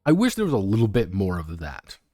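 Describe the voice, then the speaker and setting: A man's voice: low voice, wildly swooping pitch, fairly quick, warm tone, dry recording, clean studio sound. A man streaming a casual, rambling talk about tabletop games, full of fillers and the odd curse. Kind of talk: casual unscripted commentary. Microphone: streaming microphone.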